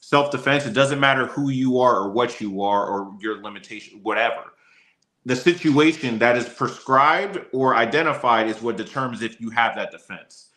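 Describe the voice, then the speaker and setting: Bright-voiced man teaching law casually. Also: medium pitch, moderate pace, reverberant. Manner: casual, chatty, addresses his co-host by name often. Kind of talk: casual livestream law lesson.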